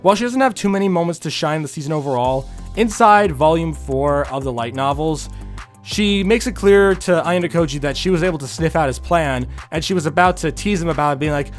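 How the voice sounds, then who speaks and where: A man's voice: fairly high pitch, brisk, soft background music. A man giving a casual spoken review of an anime, earnest and repetitive, sighing and rising to exasperated outbursts. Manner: earnest, repeats himself, sighs, rising to exasperated bursts.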